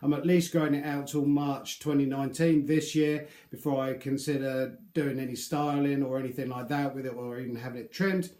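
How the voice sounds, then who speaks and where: A man's voice: mid-range voice, fairly even intonation, fairly quick, few pauses, mellow. Chatty man in an echoey room. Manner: chatty, rambling, self-deprecating. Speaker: beard product reviewer. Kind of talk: casual product review vlog.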